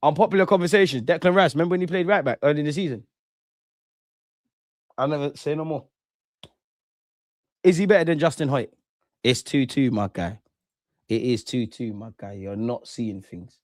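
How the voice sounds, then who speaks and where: A man's voice: fairly high pitch, fairly quick, pauses often, no room sound, clean studio sound. Banter-heavy young man streaming. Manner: excitable, banter-heavy, trash-talking. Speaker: streamer hosting a football watch-along. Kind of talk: casual live commentary, chatting with viewers.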